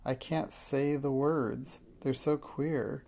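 A man voicing a slow, timid young schoolgirl who speaks with hesitant, breathless wonder. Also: mid-range voice, fairly even intonation, gravelly, dark tone. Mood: awestruck.

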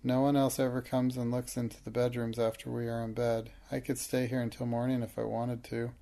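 A man reading the part of a timid, slow-learning plump schoolgirl in a storybook, speaking in a fretful, pleading way. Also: medium pitch, little pitch movement, vocal fry, mellow, lightly acted.

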